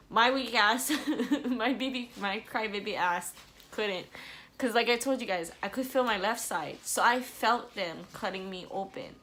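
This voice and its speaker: A woman's voice: medium pitch, unhurried, a bit bright. A young woman speaks to her camera in a candid, personal way. Her voice is emotional and at times tearful and apologetic. She has a mid-range voice, with a faint hum in the background. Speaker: vlogger. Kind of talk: personal storytelling vlog.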